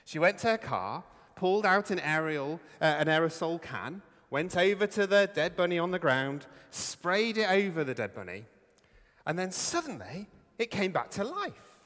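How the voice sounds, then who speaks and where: Vicar preaching with animated pitch. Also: male voice, normal speed. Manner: conversational, hesitant with fillers. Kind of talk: Easter sermon. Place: church. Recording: long church reverb.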